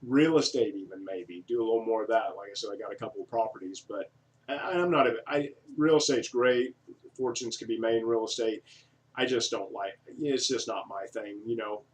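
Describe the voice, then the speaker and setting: A man's voice: lowish voice, a little fast, a little hiss or hum. Rambling folksy man, far from mic. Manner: digressive, folksy, frequent fillers. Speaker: vlogger reviewing an online business offer. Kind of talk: casual rambling monologue. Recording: voice from a distance from the mic.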